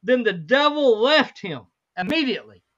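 A hoarse woman with a cracking voice leads a fervent Bible study, repeating phrases and asking rhetorical questions. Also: on the high side, big pitch swings, normal speed, a bit bright, muffled recording.

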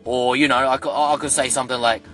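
A man's voice: medium pitch, steady tone, fast, sharp tone, faint music behind, lightly acted. A man with an Australian accent putting on a rambling young Filipino Australian man in a comedic monologue, full of fillers and restarts. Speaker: comedy character.

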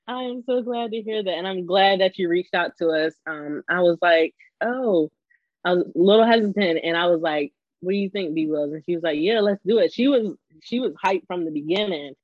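A woman's voice: on the low side, moderate pace, no room sound, lo-fi sound. A young adult woman co-hosting a podcast, chatting effusively with a guest, laughing often and acting out what people said. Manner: chatty and effusive, frequent laughs and quoted asides. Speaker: podcast co-host. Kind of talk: casual podcast chat.

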